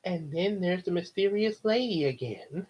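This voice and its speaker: A woman slowly reading a storybook aloud, earnest and steady, voicing the characters as she goes. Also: lowish voice, husky, poor audio. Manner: slow, earnest read-aloud delivery.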